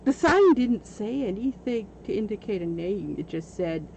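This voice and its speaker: A woman livestreaming, telling a story in a casual, animated way and often breaking into laughter. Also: medium pitch, normal speed, vocal fry, few pauses, a little hiss or hum, low-quality recording. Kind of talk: casual storytelling while gaming.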